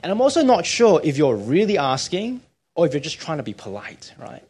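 Husky-voiced conversational male preacher. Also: fairly high pitch, big pitch swings, fairly quick, a little mellow. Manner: conversational, often asks "right?". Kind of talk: sermon. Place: church.

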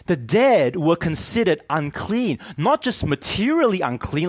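Animated man preaching. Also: sits high, normal speed, hardly any pauses, slightly rough, no echo, clean studio sound. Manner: animated preaching, asks the congregation questions. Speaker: pastor. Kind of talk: sermon.

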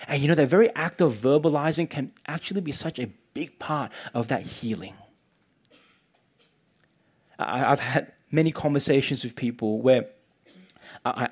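A man's voice: medium pitch, breathy edge. Earnest male pastor preaching. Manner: earnest, pastoral, repeats words when starting a thought. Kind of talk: sermon.

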